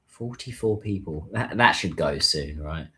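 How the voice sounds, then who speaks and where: A man's voice: low voice, animated, a little slow, pushed and bright, slight background noise. A man chatting casually on a livestream while he waits in a taxi queue, musing aloud and answering viewers' comments. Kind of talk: casual live-stream chat.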